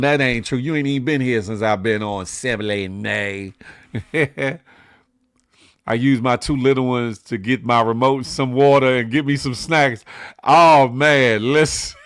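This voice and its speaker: A man hosting a casual morning show, telling stories with lively quoted voices and frequent laughter. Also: mid-range voice, clean tone, dry recording, clean studio sound. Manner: storytelling, animated quoted voices, laughs often. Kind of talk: casual livestream chat reading comments.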